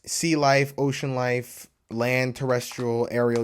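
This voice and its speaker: A man's voice: mid-range voice, normal speed, few pauses. A young man chatting loosely to camera in a casual travel vlog, full of filler words. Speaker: vlogger.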